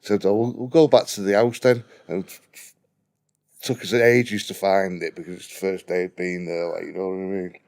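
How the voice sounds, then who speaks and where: A man's voice: low voice, flat delivery, normal speed, gravelly, darkish tone. A man with a broad Liverpool accent telling a profane, blunt anecdote in casual chat. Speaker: guest storyteller.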